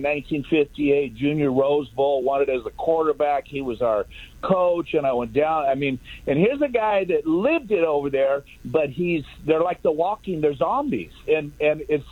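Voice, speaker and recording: A man's voice: a little high, dry recording. A man in his fifties phones in to a talk radio show. He rambles through a long story, stumbling over restarts and fillers. His voice comes through a narrow, tinny phone line with no room sound at all. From Southern California. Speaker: caller.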